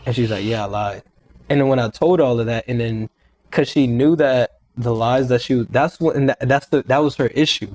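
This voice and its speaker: A young man, a podcast guest, retelling a personal story in a casual, animated way, often quoting what was said and repeating himself. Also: medium pitch, fairly quick, no room sound.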